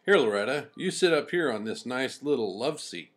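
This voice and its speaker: A man voicing a sly male wolf who flatters smoothly while posing as a handsome ram. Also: medium pitch, normal speed, natural voice.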